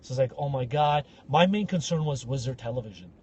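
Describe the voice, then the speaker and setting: Guy on a podcast telling a funny story, kinda husky, keeps doing voices for everyone. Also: medium pitch, fairly quick, no room sound. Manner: animated, acts out other people's voices. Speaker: podcast co-host. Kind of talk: casual comedic storytelling.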